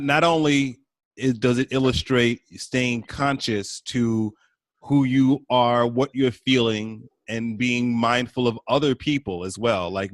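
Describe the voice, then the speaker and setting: A man's voice: mid-range voice, dry recording. A man hosting a podcast, responding to his guest with encouraging, upbeat advice. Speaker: podcast host. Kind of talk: conversational interview.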